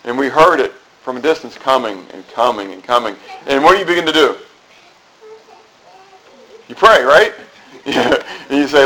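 A man's voice: mid-range voice, animated, moderate pace, long pauses, sharp tone, rough recording. A middle-aged man preaching a sermon in a conversational way, asking the congregation questions and often repeating and restarting phrases. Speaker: pastor.

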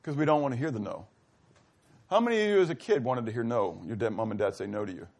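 This pastor talks fast with lively intonation during a casual sermon. He keeps asking his listeners questions and performing short exchanges, with his voice sometimes sinking low and soft.

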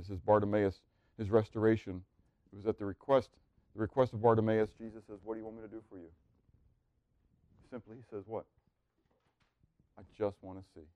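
A man preaching a sermon, asking the room rhetorical questions and swinging from hushed, quiet lines to loud, excited ones. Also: fairly low pitch, dry recording, dull audio. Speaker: pastor.

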